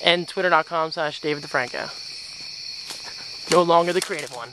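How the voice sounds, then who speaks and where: A man's voice: a little high, moderate pace, long pauses, background noise. A man hosting a casual geocaching vlog at night in the woods, playful and easily amused, filming on a handheld camera. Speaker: vlogger host. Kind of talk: casual chat while geocaching.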